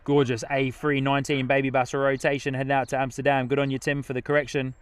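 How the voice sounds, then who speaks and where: A man's voice: mid-range voice, level tone, fast talker, clean tone. Chatty man hosting a live stream. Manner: chatty, reads viewer comments aloud, laughs often. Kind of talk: casual live commentary. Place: outdoors at an airport viewing spot.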